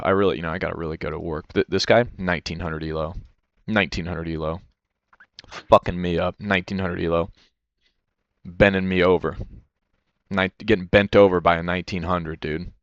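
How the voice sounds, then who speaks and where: A man's voice: low voice, no echo, muffled recording. A man reviewing a replay of his own match in casual, rambling commentary, critical of himself and swearing often, talking into a headset. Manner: rambling, self-critical, swears a lot, fillers "you know".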